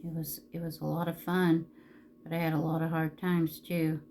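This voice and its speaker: A woman's voice: low voice, flat delivery, moderate pace, a little mellow, slight background noise. A middle-aged woman chatting casually through a get-ready-with-me makeup video, rambling along and cracking crude jokes. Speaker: makeup vlogger.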